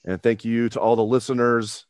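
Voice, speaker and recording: A man's voice: medium pitch, little pitch movement, normal speed, a little mellow, smooth, dry recording, studio quality. A man hosting a casual sports podcast, joking and complaining with mock exasperation. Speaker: podcast host.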